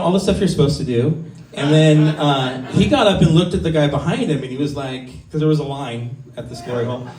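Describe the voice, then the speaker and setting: A man in his fifties performs crude, self-deprecating stand-up at an open mic in a small comedy club, rambling with plenty of ums. His mid-range voice is a little mellow. The recording sounds roomy, with the mic heard from a distance and slight background noise.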